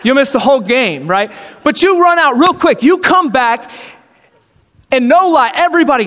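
Preaching in a conversational manner, a man with a very high, bit bright voice and lively intonation speaks at normal speed. The pastor acts out quoted voices and asks rhetorical questions, with hall reverb on the recording.

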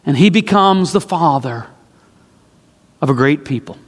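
Slow, high-voiced dramatic preacher. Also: male voice, animated, long reverb tail. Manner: dramatic storytelling with emphatic repetition. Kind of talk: sermon.

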